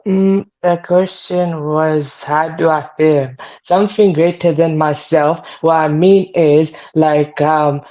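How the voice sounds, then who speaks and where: Soft-voiced hesitant man with an accent. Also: on the high side, fairly even intonation, slow pace, hardly any pauses, dull audio. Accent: non-native. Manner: hesitant, searching for words. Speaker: panel guest. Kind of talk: casual panel debate.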